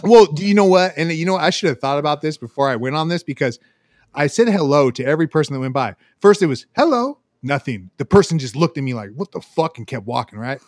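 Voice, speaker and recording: A man's voice: a little high, quick pace, no echo, clean studio sound. A man telling a story in casual podcast chat, swearing a lot and acting out the voices of the people in it. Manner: profane, animated, acts out voices in his stories.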